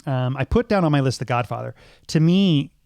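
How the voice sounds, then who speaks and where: A man's voice: medium pitch, animated, brisk, vocal fry, darkish tone, no echo. A middle-aged man and podcast co-host, talking through films thoughtfully, with many ums and restarts. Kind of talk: casual film discussion.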